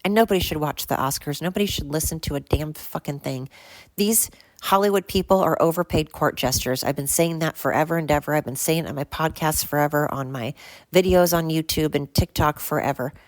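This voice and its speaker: Older woman, low-pitched, blunt, profane, ranting monologue, dry recording. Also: brisk, dry recording. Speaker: podcast host. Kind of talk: solo podcast monologue.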